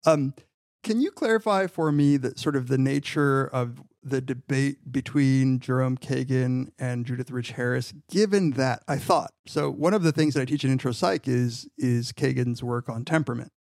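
A man's voice: mid-range voice, moderate pace, vocal fry, a little mellow, no room sound, studio quality. A man co-hosting a casual podcast discussion, a psychology lecturer who talks in a wry way with hesitant restarts. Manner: wry, laughs between phrases, hesitant restarts.

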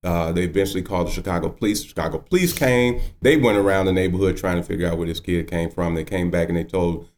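A man's voice: low voice, fast talker, hardly any pauses, darkish tone. A man in his fifties, a judge, telling his personal story earnestly and with emotion. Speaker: guest, county judge.

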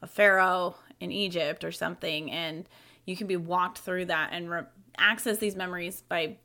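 A woman's voice: on the low side, fairly even intonation, moderate pace, bright, forceful tone. A young adult woman co-hosting a podcast in casual chat, reading from her notes with lots of fillers and playful asides. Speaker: podcast co-host.

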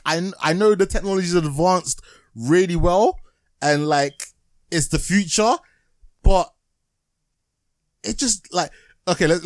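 A man's voice: sits high, no echo. A man hosting a podcast, rambling through a TV show review in casual chat, laughing often and restarting his sentences. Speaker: podcast host.

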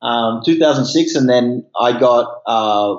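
A man's voice: medium pitch, a little slow. A man from Australia with an Australian accent, chatting casually as an interview guest. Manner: relaxed, uses Australian slang. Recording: echoey, muffled remote line.

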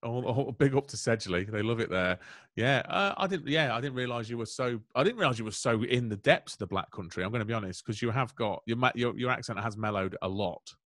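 A man chatting as a guest comedian on a casual podcast, quick and chatty, often breaking into laughter. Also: medium pitch, lively intonation, a bit bright, no echo, clean studio sound. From England.

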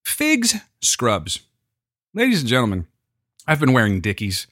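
A man's voice: medium pitch, huge pitch swings, unhurried, fairly bright tone, dry recording, studio quality. A young man co-hosting a casual chat, joking and rambling with mock-serious asides. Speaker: podcast co-host.

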